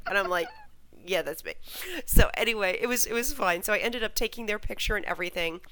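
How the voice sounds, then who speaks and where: A woman's voice: medium pitch, brisk, slight background noise, low-quality recording. A woman telling a story in casual podcast chat, acting out the voices of the people in it. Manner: animated, acts out quoted voices. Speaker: fan website host.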